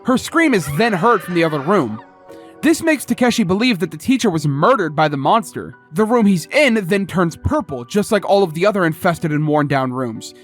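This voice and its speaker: A man's voice: high-pitched, sing-song, normal speed. A young man narrating a scripted game retrospective with wry, self-deprecating commentary. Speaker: video essay narrator. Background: faint background music.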